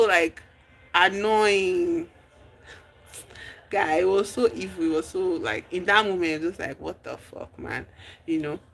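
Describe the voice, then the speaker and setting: A streamer, recapping a movie in casual chat, telling the story with lively exclamations and acting out the characters' lines. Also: medium pitch, a little hiss or hum. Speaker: livestream host.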